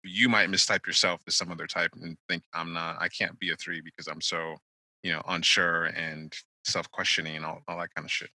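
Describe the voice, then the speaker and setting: A man hosting a talk podcast who explains things and steers the conversation. His voice is very deep but cuts through with a bright, forceful tone. It sounds dry and close. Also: little pitch movement, fairly quick, dry recording, rough recording. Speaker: podcast host. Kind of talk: casual chat.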